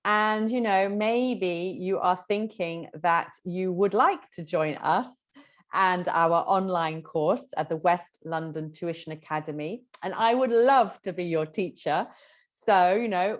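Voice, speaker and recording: A woman teacher walks students through exam tips in a chatty, easygoing way, filling pauses as she works through her examples. Her voice sits a little low, and the recording is somewhat dull and lo-fi. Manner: chatty, explains with examples, many fillers. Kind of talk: exam tips lesson to camera.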